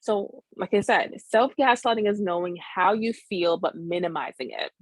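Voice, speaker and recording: A woman therapist leads a webinar in a fairly low, dry voice. She talks earnestly and keeps pausing to check in with "right?". The sound comes over a video call with no room echo. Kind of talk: teaching a live webinar.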